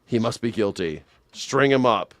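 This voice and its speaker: A man mocking folksy old-time sheriff, slow drawl. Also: on the low side, lively intonation, no room sound.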